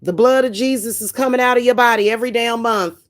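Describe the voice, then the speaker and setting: An older woman delivers a fired-up, cursing monologue. Her voice sits a little high and she hammers her points with blunt emphasis. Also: quick pace. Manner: profane, animated, emphatic. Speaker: spiritual practitioner streamer. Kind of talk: casual ranting monologue.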